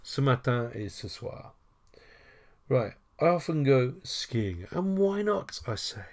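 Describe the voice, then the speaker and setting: A man's voice: medium pitch, big pitch swings, takes it slowly, darkish tone. A man teaching a French lesson over a screen recording, chatty, with wry self-deprecating asides.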